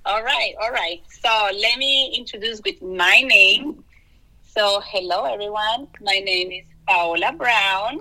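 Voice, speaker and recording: A woman guest on a casual podcast, excitable and quick to laugh at her own stumbles. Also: mid-range voice, poor audio. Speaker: podcast guest, dental hygienist.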